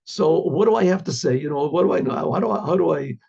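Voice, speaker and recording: A man, a rabbi, casually telling a story, rambling with many fillers and restarts and often clearing his throat. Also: a little high, lively intonation, fast, a little mellow. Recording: muffled lo-fi recording.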